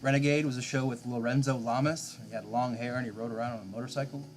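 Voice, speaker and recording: A man's voice: mid-range voice, fairly even intonation, fast, slight background noise. A man streaming a game live late at night, rambling casually and answering viewers' chat.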